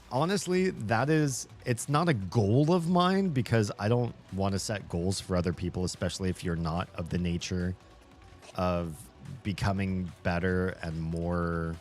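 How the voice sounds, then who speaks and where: A man's voice: sits low, a little mellow. A male streamer hosting a casual chat while gaming, rambling thoughtfully and laughing often. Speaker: streamer and host.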